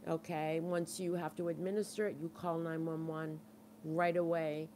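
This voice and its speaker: Hosting a support group livestream, a middle-aged Boston woman responds to viewer comments and cheers them on in casual, earnest talk. Her voice is deep and a little mellow, with little pitch movement and normal speed, over a faint hiss or hum.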